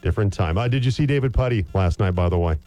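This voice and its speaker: A man's voice: on the low side, animated, very fast, warm tone, soft background music. A man hosting a sports radio show, chatting casually, repeating himself and laughing easily.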